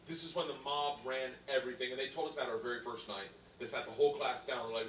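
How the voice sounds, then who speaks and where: A man's voice: medium pitch, fairly even intonation, racing, hardly any pauses, fairly bright tone, slight background noise. A man in his forties telling a rowdy stand-up story, laughing and bellowing his punchlines. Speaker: stand-up comedian. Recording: stand-up clip played back in an echoey room from far off.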